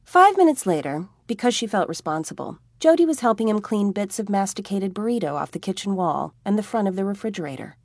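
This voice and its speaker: A woman reads a comic novel aloud in a wry, expressive voice. Her pitch rises and falls a lot as she shapes each sentence. The recording is close and dry, with no room echo. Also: fairly quick, hardly any pauses. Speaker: audiobook narrator. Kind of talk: scripted narration.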